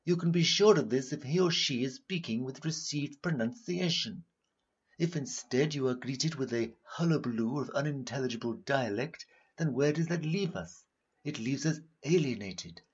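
An actor playing a pompous, haughty professor. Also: male voice, a little high, slightly rough, dull audio. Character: pompous posh male linguistics professor.

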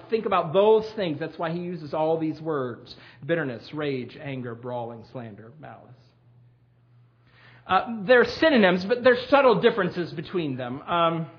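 A man's voice: high-pitched, highs cut off. A man preaching a sermon as pastor, teaching earnestly with rhetorical questions and frequent restarts.

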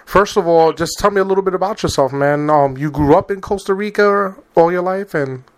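A man's voice: sits high, brisk. Chatty male podcast host. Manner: chatty, jokey, says "man" often. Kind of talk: casual interview chat. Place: Twin Lakes, Wisconsin.

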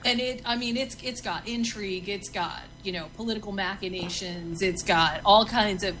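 A woman's voice: medium pitch, normal speed, a bit bright, a little hiss or hum, low-quality recording. Enthusiastic woman recommending an old film. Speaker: podcast co-host. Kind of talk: casual movie recommendation chat.

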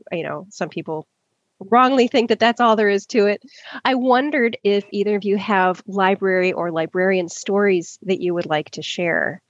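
A woman's voice: lowish voice, no echo, highs cut off. A woman who is a librarian, moderating a panel and asking friendly questions.

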